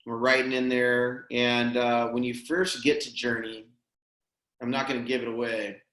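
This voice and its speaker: A man's voice: medium pitch, level tone, normal speed, fairly bright tone. Earnest man with a roomy echo. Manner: earnest, emotional, peppered with "man" and "dude". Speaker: podcast guest. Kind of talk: casual heartfelt storytelling.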